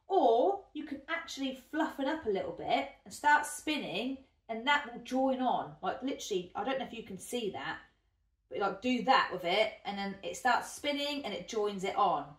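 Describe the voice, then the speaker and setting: Chatty woman, echoey distant room. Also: medium pitch. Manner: chatty, self-deprecating, thinking aloud while working. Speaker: hobby spinner vlogger. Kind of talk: casual craft vlog narration while spinning. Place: indoor room at a spinning wheel.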